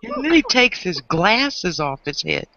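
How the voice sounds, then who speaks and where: Woman, Southern US accent, giggly storyteller, lively pitch, dull lo-fi sound with faint hiss. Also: measured pace. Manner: giggly, breaks into laughter while storytelling. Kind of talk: casual chat. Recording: dull lo-fi audio with faint noise.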